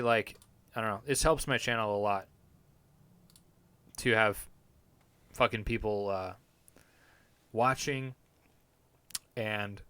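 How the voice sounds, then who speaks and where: A man's voice: mid-range voice, fairly bright tone, clear, resonant tone, dry recording. Rambling, profane young man streaming. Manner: rambling, profane, laid-back. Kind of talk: casual live-stream chat. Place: home basement studio.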